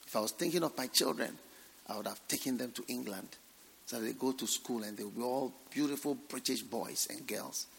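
A male preacher delivering a revival sermon. He swings from hushed asides to shouted points and repeats his phrases for emphasis. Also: mid-range voice, normal speed, creaky, a little hiss or hum. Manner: dramatic swings between hushed and shouted lines.

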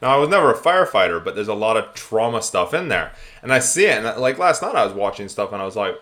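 A man hosting a casual podcast conversation, speaking with animated enthusiasm and acting out the dialogue he quotes. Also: fairly low pitch, fast, few pauses. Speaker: podcast host.

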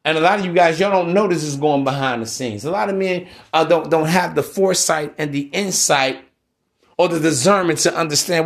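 A man's voice: fairly high pitch, brisk, creaky. A man hosting a solo podcast, giving a profane, preachy rant in street slang aimed at his listeners. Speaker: podcast host.

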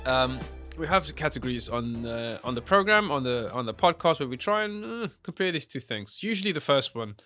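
A man's voice: mid-range voice, expressive, brisk, few pauses, pushed and bright, faint music behind. A man hosting a casual film review podcast, wry and often laughing, with plenty of ums. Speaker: podcast host.

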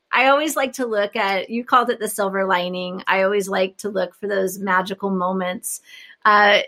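A woman's voice: on the high side, bright, forceful tone. A woman hosting a podcast, effusive and enthusiastic in a casual interview chat. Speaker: podcast host.

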